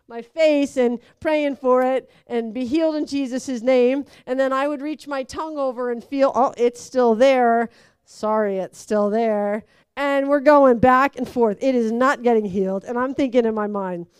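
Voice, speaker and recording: Lively storytelling woman, smooth dry voice. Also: fairly high pitch, dry recording. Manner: lively, acts out quoted voices, laughs through it. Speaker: speaker telling a personal story. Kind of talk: animated personal storytelling.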